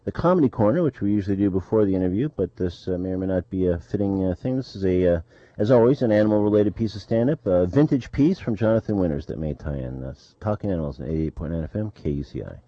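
A man hosting a college radio show, speaking in a casual, halting way with many fillers. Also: deep voice, animated, mellow, dry recording, lo-fi sound.

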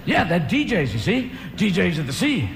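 Rambling high-voiced stand-up comedian. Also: male voice, big pitch swings, normal speed, gravelly, music in the background. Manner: rambling, playful, self-interrupting. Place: live venue hall. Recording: echoey hall, loud crowd and noise.

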